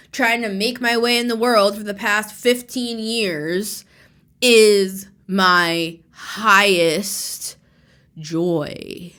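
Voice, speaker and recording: A woman's voice: mid-range voice, a bit bright. A woman tarot reader musing aloud in a casual spiritual monologue, laughing often and dropping at times to a near-whisper.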